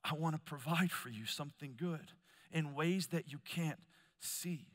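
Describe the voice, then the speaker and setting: Lively preacher in a reverberant hall. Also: male voice, moderate pace. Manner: storytelling, swings between loud emphasis and hushed low asides. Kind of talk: conference sermon.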